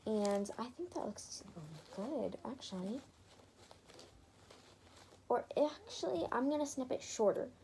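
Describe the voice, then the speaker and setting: A woman with a slightly high voice walks through a craft project in a casual tutorial. Her tone is soft and mellow. She rambles a little and corrects herself as she narrates each step. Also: expressive, slow, long pauses, a little hiss or hum.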